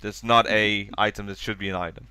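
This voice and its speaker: Tired male podcast co-host, low and crisp, dry close mic, rambling recap style. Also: steady tone, brisk, bright, forceful tone, no room sound. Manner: rambling, acts out quoted lines in raised voices. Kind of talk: casual chat recapping a TV special.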